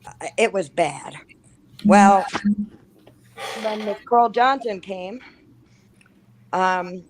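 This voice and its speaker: A woman's voice: medium pitch, drawn-out words, a little hiss or hum, rough recording. Woman guest ranting through a spooky story, lots of swearing, acting out the quotes. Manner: animated, profane, acts out quoted lines. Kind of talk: casual storytelling.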